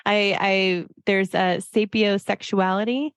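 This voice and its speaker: A woman host on a podcast tells personal stories casually, laughing often and giving many small agreeing sounds. Her pitch is ordinary, and the recording is dry and close with no echo. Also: fairly even intonation, slow, smooth. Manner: chatty storytelling with frequent laughs and backchannels.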